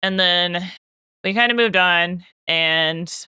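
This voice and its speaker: A woman streamer chats with her live viewers while she paints, telling a winding story stuffed with "like". Her voice is bright and crisp. The sound is dry and close, with no room echo. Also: fairly low pitch, slow. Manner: rambling storytelling full of "like" fillers; talks directly to chat while painting.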